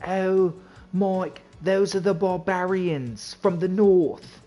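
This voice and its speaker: A man putting on the voice of a prim, proper elderly grandmother from London, gently setting him straight. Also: high-pitched, slow pace, faint music behind, voice pushed up. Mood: matter-of-fact.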